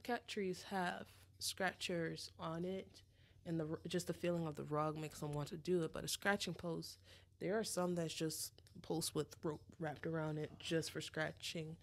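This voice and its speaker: Low-voiced woman chatting on a pet podcast. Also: steady tone, measured pace. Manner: chatty, trails off with ums and restarts. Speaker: podcast co-host. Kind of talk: casual chat.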